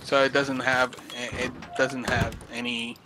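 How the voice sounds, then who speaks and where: A man's voice: mid-range voice, level tone, slow pace. A man joining a game stream, chatting casually and teasing his friend. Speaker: co-player. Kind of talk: casual gaming chat. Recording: noisy stream audio.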